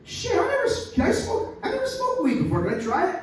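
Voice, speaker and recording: A man voicing a dazed little gecko in a joke, with a squeaky, swearing delivery. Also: huge pitch swings, fast talker, full character voice. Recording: echoey room, mic heard from far off.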